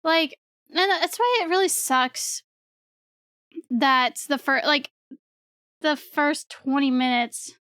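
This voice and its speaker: A young woman streamer telling a story to her chat in a rambling, excitable way, swearing casually and laughing often. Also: high voice, takes it slowly, pauses often, no room sound, clean studio sound.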